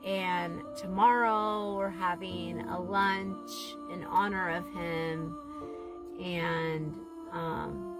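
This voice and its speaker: A woman's voice: fairly low pitch, fairly even intonation, slow, loud music behind the voice. A woman casually telling an emotional, rambling story to her viewers, often saying "you guys". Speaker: TikTok storyteller. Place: Southwest Florida.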